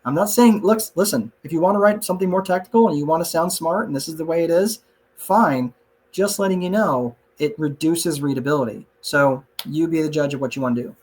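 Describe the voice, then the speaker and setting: A man's voice: a little high, brisk, darkish tone, slight background noise. A man teaching a casual online class and answering chat questions, conversational and self-joking, with frequent asides to listeners. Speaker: class presenter.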